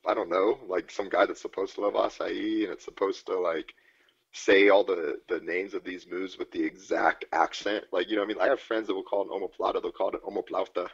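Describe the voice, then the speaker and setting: A man's voice: deep voice, fairly even intonation, brisk, gravelly, slightly rough, dull audio. A man co-hosting a podcast in rambling, profane casual chat, laughing often. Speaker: podcast co-host.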